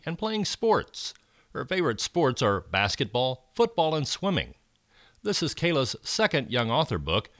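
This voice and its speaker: A man reading a children's story aloud, expressive and rising for the exciting moments. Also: mid-range voice, no echo, clean studio sound.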